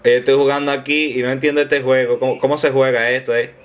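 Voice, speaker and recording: A man's voice: mid-range voice, flat delivery, rapid-fire, pitched below the performer's own voice, natural voice. A man voicing a crude, hot-headed male gamer who curses his teammates in a put-on Latin American Spanish. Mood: grumbling, cursing. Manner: cursing, insulting teammates in Spanish slang.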